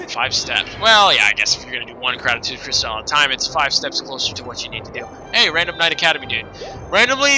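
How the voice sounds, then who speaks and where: A man with a higher-pitched voice provides casual let's play commentary, chatting in a rambling way and correcting himself along the way. The recording is low quality.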